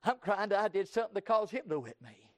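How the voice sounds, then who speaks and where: A pastor from Texas with a Southern US accent, preaching an impassioned sermon that swings from loud cries to hushed tones. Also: male voice, high-pitched, big pitch swings, fast talker, no echo, clean studio sound. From Texas, USA. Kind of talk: sermon with altar call.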